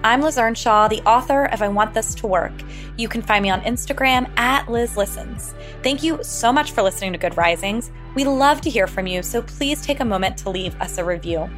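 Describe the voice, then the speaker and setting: A woman hosting a relationship advice podcast, answering a listener question in a calm, explanatory way, speaking straight to the listener. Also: fairly high pitch, normal speed, faint music behind. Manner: calm, explanatory, direct address.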